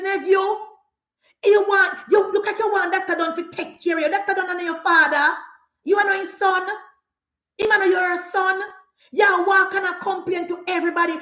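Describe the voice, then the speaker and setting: A woman with a Jamaican accent, ranting and scolding on a live political stream, often shouting and repeating herself. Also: very high voice, steady tone, moderate pace, roomy sound. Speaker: political commentator.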